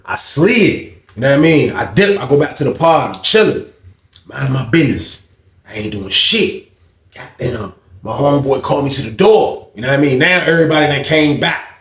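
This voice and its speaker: A man tells a story from his own past in loose street slang, often checking that his listener is with him. His voice sits at an ordinary middle pitch. The recording has a roomy echo. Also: animated, brisk, fairly bright tone. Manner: street slang, keeps asking "you know what I mean". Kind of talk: casual storytelling.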